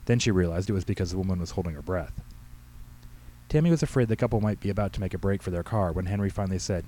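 A man reads his own humorous story aloud with a brisk, wry delivery. His voice is low and mellow, and he moves through the text at a fast clip. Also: low-quality recording. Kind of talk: storybook narration.

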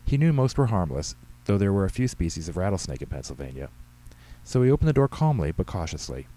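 A man, the author, reading his own short story aloud in measured storytelling narration. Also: sits low, sing-song, warm tone, low-quality recording. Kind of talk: scripted narration.

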